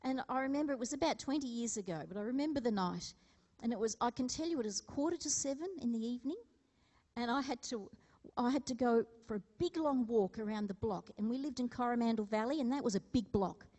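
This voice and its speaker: A woman's voice: on the high side, fast talker, darkish tone. Woman preaching in a reverberant church. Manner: storytelling, asks the congregation questions. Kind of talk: conversational sermon. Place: church hall.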